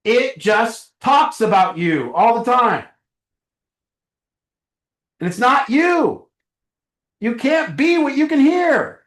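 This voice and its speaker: Man, middle-aged, high-pitched voice, casual recovery group talk, acts out dialogue, echoey meeting room. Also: sing-song, slow, pauses often, a bit bright. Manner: conversational, acts out little dialogues with a chuckle. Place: meeting room with a small audience.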